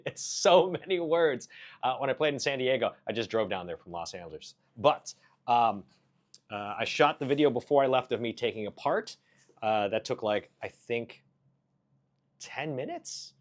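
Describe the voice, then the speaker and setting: A man, a comedian, casually narrating his own vlog, muttering and joking at himself while he fiddles with gear in a hotel room. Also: medium pitch. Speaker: comedian and vlogger.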